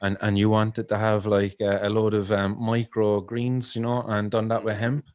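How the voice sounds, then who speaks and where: A man hosting a casual podcast chat, his voice on the low side. He sounds relaxed and musing as he asks questions. The recording is dry and close. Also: moderate pace, no room sound. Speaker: podcast host.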